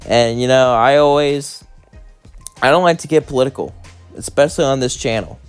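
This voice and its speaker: A man's voice: mid-range voice, moderate pace, clean tone, faint music behind. Casual rambling male storyteller. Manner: rambling, casual, many fillers. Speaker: channel host and narrator. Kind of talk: casual fan-story narration.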